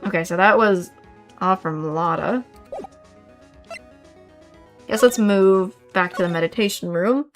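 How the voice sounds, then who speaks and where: A woman's voice: medium pitch, measured pace, pauses often, faint music behind. A woman streamer reading game text aloud with chatty asides. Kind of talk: casual game read-along.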